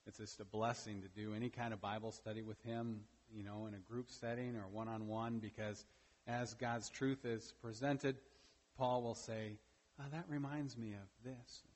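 A man's voice: on the low side, little pitch movement, normal speed, a little mellow. Emphatic male pastor in reverberant church. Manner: emphatic preaching with frequent "right?" tag questions. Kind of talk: sermon. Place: church during a morning service.

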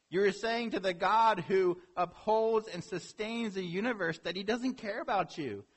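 A man's voice: high-pitched, fairly bright tone, slightly rough. A man preaching a sermon as a pastor, earnest, with rhetorical questions and building emphasis.

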